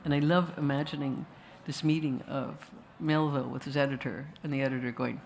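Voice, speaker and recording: A woman's voice: extremely low pitch, fairly even intonation, fairly quick, gravelly, a little mellow, slight background noise. A woman telling a wry, digressive story to a festival audience and slipping into voices now and then. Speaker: filmmaker answering questions.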